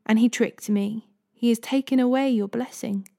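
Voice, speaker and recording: A woman's voice: on the high side, steady tone, normal speed, vocal fry, mellow. A solemn old father, read by a woman. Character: old blind father, grave patriarch.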